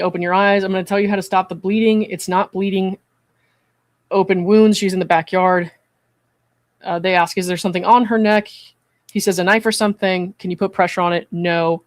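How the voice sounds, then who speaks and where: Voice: medium pitch, no room sound. Earnest streamer with a dry, close sound. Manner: measured and earnest, often checking in with "right?". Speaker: psychiatric evaluator hosting a commentary stream. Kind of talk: livestream commentary, reading a transcript aloud.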